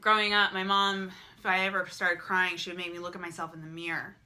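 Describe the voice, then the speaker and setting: A woman's voice: fairly low pitch, level tone, fast talker, bright, forceful tone. A young woman talking candidly to camera in a vlog, emotional and repetitive, swearing freely. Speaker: vlogger.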